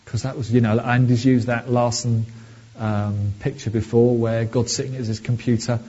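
A man preaching in a relaxed, conversational way to his congregation. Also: medium pitch, moderate pace, husky, lo-fi sound. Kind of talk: sermon.

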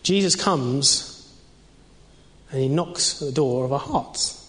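A man's voice: mid-range voice, slow pace, a bit bright. A young man preaching an informal sermon in a conversational way, with many fillers and restarts. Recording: long reverb of a hall.

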